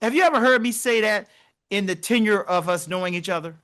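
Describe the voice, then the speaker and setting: A young man co-hosts a podcast in loose, animated conversation, acting out the people he quotes. His voice sits high and rings bright. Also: fairly quick. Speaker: podcast co-host. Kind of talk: casual conversation.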